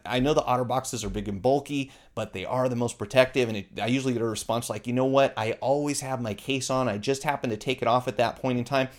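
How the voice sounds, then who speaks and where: A man who runs a phone repair shop, giving casual business advice and acting out customer exchanges, with plenty of fillers. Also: mid-range voice. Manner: conversational, acts out customer dialogue with fillers. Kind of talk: casual instructional talk.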